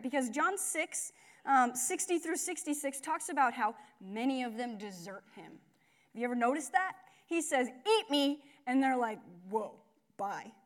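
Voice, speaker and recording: A young woman giving a casual, conversational sermon with lots of fillers and asides. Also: high voice. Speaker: speaker at a church gathering.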